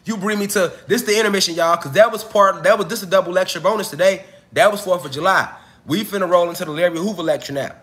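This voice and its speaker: A man's voice: high-pitched, fast, fairly bright tone. Coughing man chatting loosely on a livestream. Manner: loose, profane, chatty, addresses viewers directly. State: coughing, recovering from illness. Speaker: livestream host. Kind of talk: casual livestream talk.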